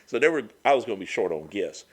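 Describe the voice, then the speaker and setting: A man's voice: lowish voice, quick pace. A middle-aged man, a comedian guest telling stories in a casual chat. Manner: animated, lively storyteller.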